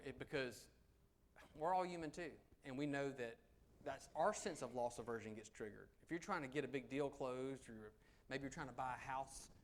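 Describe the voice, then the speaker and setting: A man from the American South, giving an animated, conversational presentation as an attorney to a professional group. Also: medium pitch. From Southern United States. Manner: animated, conversational, acts out quotes. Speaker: attorney giving a negotiation talk. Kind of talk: conference presentation. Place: meeting room.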